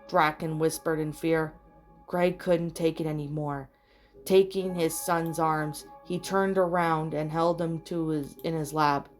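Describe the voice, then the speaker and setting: A woman reading fan fiction aloud in a steady, plain storytelling manner, with small slips and rereads. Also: low voice, a little slow. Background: soft background music.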